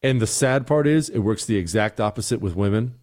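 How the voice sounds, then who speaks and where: A man's voice: fairly low pitch, brisk, darkish tone. Middle-aged male host, blunt, sarcastic opinion talk. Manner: emphatic, sarcastic, repeats points. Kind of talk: opinionated commentary and listener emails.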